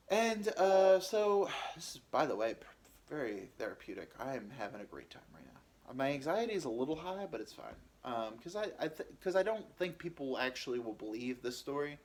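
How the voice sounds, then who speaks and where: A man telling a personal story on his podcast in a halting, rambling way, with many fillers and restarts. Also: medium pitch, very animated, darkish tone, a little hiss or hum.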